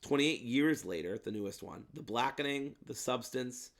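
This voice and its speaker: A man's voice: medium pitch, lively intonation, moderate pace. A man co-hosting a casual movie review chat, rambling with lots of ums and some playful swearing. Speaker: podcast co-host.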